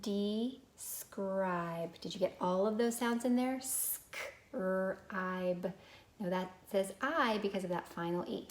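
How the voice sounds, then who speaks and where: A woman's voice: medium pitch, a little fast, few pauses. A woman teaching a recorded phonics lesson to young children, patient and prompting them to repeat words.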